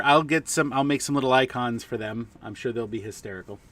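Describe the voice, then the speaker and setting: A man running a tabletop role-playing game, joking with players and then slowly setting the scene with many fillers. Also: medium pitch, bright, forceful tone, no echo, distant mic. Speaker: game master. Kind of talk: casual tabletop game chat and narration.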